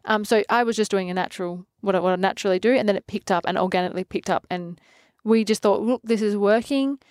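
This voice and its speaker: An Australian woman in her twenties, a fitness trainer, tells her stories in an interview with lively, animated delivery and frequent laughter. Her voice sits at a middling pitch. The sound is dry and close, with no room echo. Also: quick pace. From Australia (Adelaide). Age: 20s. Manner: lively storytelling, acts out quotes, laughs often. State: pregnant. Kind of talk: casual interview.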